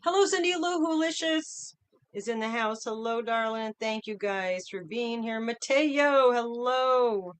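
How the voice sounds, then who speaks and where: A woman's voice: fairly high pitch, measured pace, clean tone. A middle-aged woman hosting a casual livestream from home, chatting upbeat and greeting viewers by name one after another. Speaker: livestream host.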